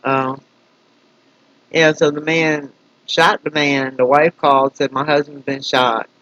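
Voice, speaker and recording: A man's voice: fairly high pitch, little pitch movement, takes it slowly, sharp tone, dull audio. A man chatting casually on a live stream, commenting on police radio traffic with frequent laughter and a tired manner. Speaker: scanner stream host.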